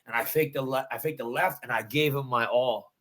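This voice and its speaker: A man's voice: mid-range voice, brisk, fairly bright tone. A man, a bare-knuckle fighter, recounting his win in a post-fight interview with intense, emphatic storytelling and repeated phrases. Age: adult.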